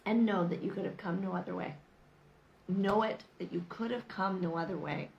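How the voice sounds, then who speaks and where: A woman's voice: medium pitch, moderate pace, gravelly, muffled recording, slight background noise. A middle-aged woman talking to camera in a casual, motivational way, emphatic and repetitive, with chatty asides. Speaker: vlogger.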